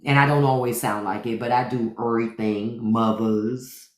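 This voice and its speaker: A man's voice: mid-range voice, moderate pace, roomy sound, slight background noise. A man from Washington, D.C., a podcast host, riffing and swearing freely in casual livestream chat. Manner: animated, profane riffing.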